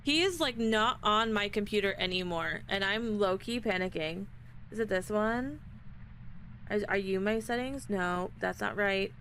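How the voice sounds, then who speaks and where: A woman's voice: mid-range voice, unhurried, a bit bright, a little hiss or hum, low-quality recording. A woman streamer chatting casually to her live-stream audience, flustered and panicky. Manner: flustered, panicky, talks to chat. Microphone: desk microphone.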